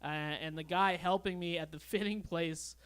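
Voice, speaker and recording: High, smooth-voiced young comedian. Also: male voice, moderate pace. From Canada. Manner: deadpan, awkward storytelling. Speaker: stand-up comedian. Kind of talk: stand-up comedy set. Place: comedy club stage.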